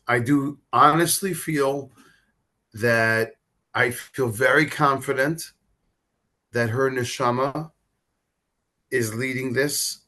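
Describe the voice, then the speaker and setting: A middle-aged man speaks as an interview guest in a bright, somewhat tense voice. He talks haltingly, stammering and repeating words, and his voice softens as he speaks of hard feelings. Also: medium pitch. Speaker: rabbi, guest. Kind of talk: emotional interview conversation.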